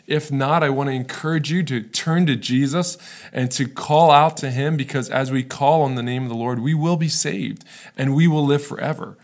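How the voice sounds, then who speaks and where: A male pastor delivers a sermon in a relaxed, conversational way, often pausing to ask his listeners if they follow. His voice sits in an ordinary middle range. He sounds earnest and personable, as if he's talking to viewers watching from home. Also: mid-range voice. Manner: conversational, earnest, frequent "right?" asides. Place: recorded for online viewers.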